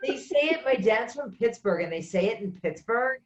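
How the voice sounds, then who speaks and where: A woman who is a mom and a producer, a guest in a casual podcast chat, reacting quickly and laughing often. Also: fairly high pitch, lively intonation, lo-fi sound, background noise. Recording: echoey room.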